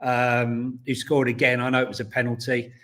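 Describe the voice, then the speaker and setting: A man's voice: mid-range voice, completely flat delivery, normal speed, a bit bright. A man, co-hosting a casual football podcast, rambling through stories with many ums and restarts. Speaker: co-host.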